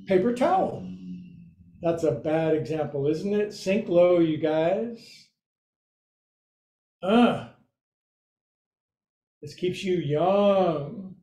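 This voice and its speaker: This is a male yoga teacher with a fairly high voice, talking slowly and deliberately. He calls out the poses in a playful, joking way and keeps dropping silly asides into the class. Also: warm tone. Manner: playful, jokey cueing with asides. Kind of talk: live yoga class instruction.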